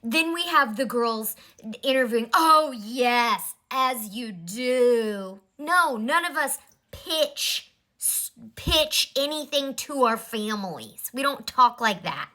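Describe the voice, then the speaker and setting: A woman's voice: high-pitched, animated, measured pace, bright, forceful tone. A woman in her forties giving a blunt, exasperated commentary in a vlog. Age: 40s. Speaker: vlogger.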